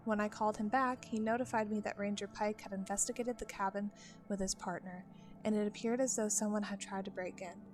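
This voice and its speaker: A woman tells a first-person story in a steady, measured narration. Her pitch sits in a middle range, and faint music runs beneath her voice.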